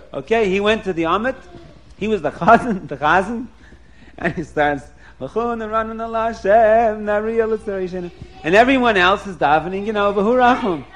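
A man telling a story in a lively, animated way, chuckling often and repeating words as he goes. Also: high-pitched.

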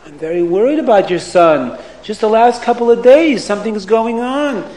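A man's voice: sits high, animated, normal speed, mellow, voice pushed up. A man voicing a worried, earnest male teacher reporting on a pupil, in an echoey room. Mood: concerned. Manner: earnest, concerned.

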